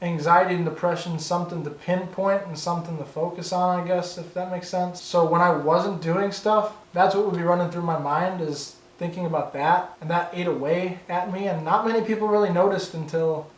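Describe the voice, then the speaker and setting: A young man with a high voice vlogs from his bedroom, talking candidly and rambling. He restarts sentences, trips over his words and swears when he gets riled. The room around him is echoey. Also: fairly even intonation, a little fast, hardly any pauses. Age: young adult. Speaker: YouTuber. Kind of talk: candid personal vlog.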